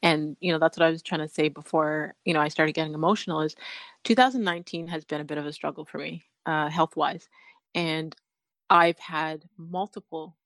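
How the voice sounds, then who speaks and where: A woman's voice: sits low, steady tone, fairly quick, fairly bright tone, no room sound. A woman hosting a podcast in casual interview chat, earnest and openly emotional, laughing often. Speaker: podcast host.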